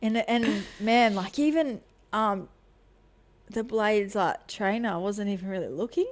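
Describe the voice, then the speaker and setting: A woman's voice: medium pitch, measured pace. A woman, a fight promoter co-hosting a podcast, chatting casually in a rambling way, swearing freely and acting out quotes.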